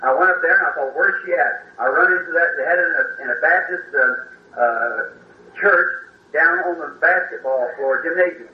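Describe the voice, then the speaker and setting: A man preaches a heartfelt sermon testimony in plain country speech, his voice pitched a little high. He sits back from the microphone in a hall that echoes around him, and the old recording sounds dull. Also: normal speed, far from the mic. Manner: emotional folksy storytelling, plain country grammar.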